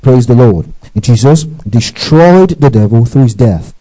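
A man's voice: mid-range voice, animated, a little slow, warm tone, low-quality recording. A man preaching a teaching sermon, reading scripture verses and prompting listeners to underline and repeat after him. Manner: teaching with scripture references, frequent call-and-response prompts.

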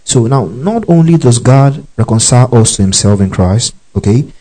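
A man's voice: medium pitch, expressive, normal speed, warm tone, rough recording. A man preaching a Bible teaching sermon, repeating key phrases and often checking that listeners follow him. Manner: tells listeners to underline verses.

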